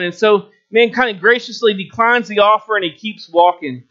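A male preacher with a notably high voice delivers a sermon, moving between a quieter low register and lifted, excited phrases as he tells a story. The recording sounds dull and lo-fi. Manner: storytelling with shifting pitch and pauses.

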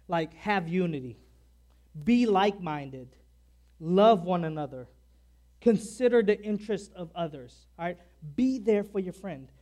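A man preaching a sermon to a church in a chatty way, checking in with "all right?" after nearly every point. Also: sits high. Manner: conversational, repeats "all right?" often; loud and soft in turns, stressing key words.

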